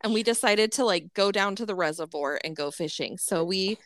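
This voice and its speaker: A woman's voice: medium pitch, a little fast, fairly bright tone, no echo, studio quality. A woman casually telling a long family story, full of "like" and laughing as she goes. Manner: rambling, lots of "like", laughs mid-sentence. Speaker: podcast co-host telling a story.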